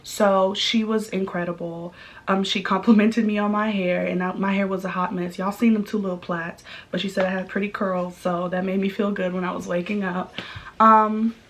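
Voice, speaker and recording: A young woman talks straight to her audience in a casual vlog, chatty and candid. Her voice sits at an ordinary middle pitch, and she keeps an easy storytelling flow, scattered with likes and ums. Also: flat delivery, normal speed, slight background noise. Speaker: vlogger.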